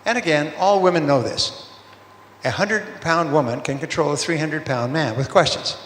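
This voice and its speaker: A man's voice: a little high, moderate pace, a bit bright, slight background noise. A man giving a motivational sales seminar talk, telling stories and acting out bits of dialogue in quoted voices. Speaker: sales speaker. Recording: roomy hall reverb, faint ambience.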